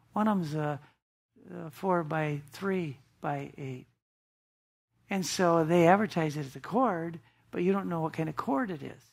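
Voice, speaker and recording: A woman's voice: on the low side, gravelly, a little mellow. A woman pastor preaching a sermon in a church, emphatic and asking the congregation rhetorical questions.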